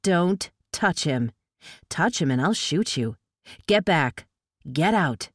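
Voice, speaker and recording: A woman's voice: low-pitched, lively intonation, slow pace, dry recording, studio quality, heavily acted. Brief: woman reading a defiant young heroine, firm and brave. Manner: firm, shouting commands. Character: young woman, fierce and defiant under pressure.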